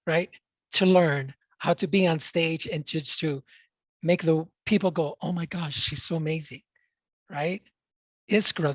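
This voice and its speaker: A woman's voice: medium pitch, no room sound. A woman giving a motivational talk on public speaking as a coach, emphatic and full of rhetorical questions. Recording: dry, dull lo-fi sound.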